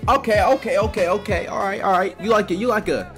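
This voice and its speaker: Loud trash-talking young male gamer. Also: high-pitched, faint music behind. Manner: loud, taunting, quick swings between shouts and mutters. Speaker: gaming streamer. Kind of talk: trash-talking gameplay commentary.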